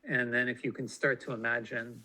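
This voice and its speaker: A man talking reflectively in a group discussion, halting and searching with many fillers. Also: medium pitch, little pitch movement, pushed and bright, a little hiss or hum, rough recording.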